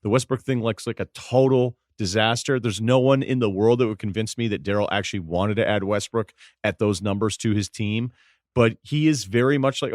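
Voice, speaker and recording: A man's voice: fairly low pitch, a little fast, no echo, clean studio sound. A man talking as a podcast guest, analyzing sports in a wry, chatty way and laughing often. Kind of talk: casual sports talk.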